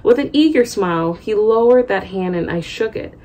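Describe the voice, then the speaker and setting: A woman's voice: mid-range voice, animated, normal speed, a little mellow. A young woman reading a memoir aloud at home, breaking off for chatty asides. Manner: chatty, loose asides between read passages. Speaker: book reader and vlogger. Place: home room.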